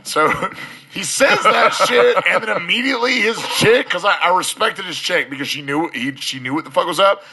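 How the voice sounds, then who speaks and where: Profane storytelling man, bright tone. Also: high-pitched, moderate pace, slightly rough. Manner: profane, rambling, acts out dialogue. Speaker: podcast guest. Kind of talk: casual storytelling.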